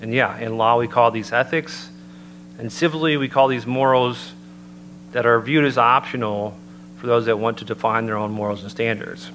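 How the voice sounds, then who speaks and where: A man's voice: medium pitch, steady tone, fairly bright tone, poor audio. Earnest man preaching over a hum. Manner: measured, earnest, citing scripture. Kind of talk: sermon-style talk. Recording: noticeable background hum.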